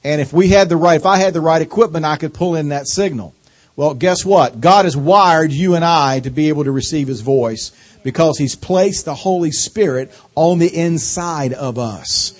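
A middle-aged man with a Southern accent preaching a sermon as a guest speaker, folksy and joking, drawing out his words. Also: a little high. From North Carolina. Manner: folksy and joking, slow drawling delivery.

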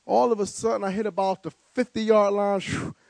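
A man from New Jersey, a guest speaker telling an animated story with vivid details and stammering repeats. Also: sits high, brisk, vocal fry, no room sound. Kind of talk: storytelling speech.

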